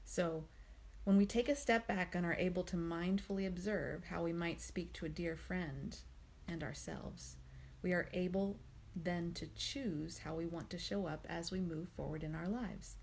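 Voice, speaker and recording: A woman hosting a daily mindfulness reading, talking in a gentle, unhurried way with frequent ums. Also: fairly low pitch, fairly even intonation, creaky, a little hiss or hum. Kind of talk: reflective spoken commentary on a book reading.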